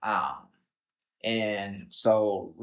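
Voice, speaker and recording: A young man from Chicago, a podcast guest, telling his story in a casual, animated way, acting out quotes and filling with "like" and "um". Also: fairly low pitch, drawn-out words.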